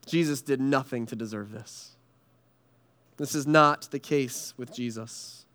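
A man preaching a sermon in an earnest style, pausing often and dropping soft and low on heavy lines. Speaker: pastor.

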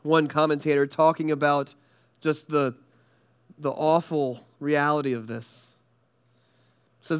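A man preaching a sermon in an earnest style, pausing often and dropping soft and low on heavy lines. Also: steady tone, clear, resonant tone. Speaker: pastor.

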